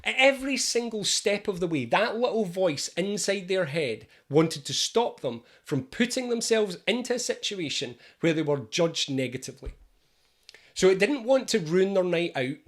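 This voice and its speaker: A man, an anxiety coach, explaining anxiety in a lively storytelling monologue. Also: sits high, moderate pace. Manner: lively, storytelling, acts out scenes.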